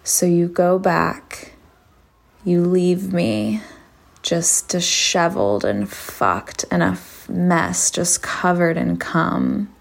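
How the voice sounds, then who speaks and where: Slow, sultry woman with heavy vocal fry. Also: on the low side. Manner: slow, hushed and sultry, drifting into whispers. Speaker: podcast host. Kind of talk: intimate erotic storytelling.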